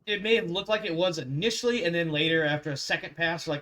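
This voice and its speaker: A man's voice: a little high, fast talker, sharp tone. A man narrating as game master of a tabletop game, rambling with fillers and self-corrections.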